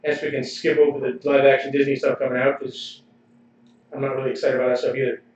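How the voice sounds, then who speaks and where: A man's voice: mid-range voice, little pitch movement, fast talker, a little mellow. A man co-hosting a podcast in casual chat, opinionated and laughing often. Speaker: podcast co-host. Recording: roomy, distant, slightly dull livestream audio.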